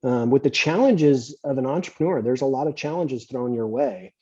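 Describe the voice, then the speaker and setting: A man hosting a podcast, telling stories and giving advice in a relaxed, chatty way. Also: mid-range voice, moderate pace, breathy edge. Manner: relaxed, anecdotal, gives advice. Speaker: podcast host. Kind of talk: conversational interview, storytelling. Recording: slightly muffled lo-fi audio.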